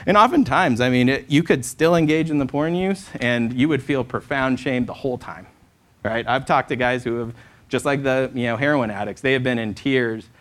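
A man's voice: mid-range voice, moderate pace. A man, a therapist speaking at a church, talking conversationally and often checking in with "right?". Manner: conversational, keeps asking "right?". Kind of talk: church talk with Q&A. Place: church hall.

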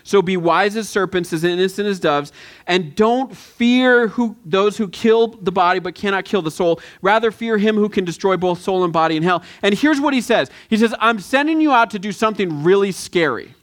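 A man giving a lively children's sermon, coaxing the kids to answer and join in. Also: high voice, fairly quick, few pauses. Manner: lively, coaxing, quotes film lines with voices. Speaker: children's pastor.

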